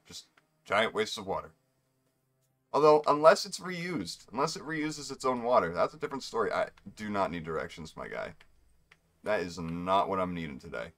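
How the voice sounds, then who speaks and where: A man's voice: fairly low pitch, fairly bright tone. A young man giving rambling, joking commentary while streaming a video game. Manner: rambling, joking asides to himself. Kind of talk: casual gameplay commentary.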